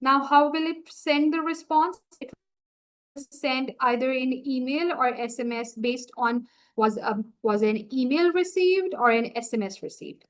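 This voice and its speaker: A woman walking viewers through a software setup on a screen-share tutorial, talking through each click as she goes. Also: high-pitched, rough recording. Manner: slow, explanatory, talks through each click. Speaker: software trainer.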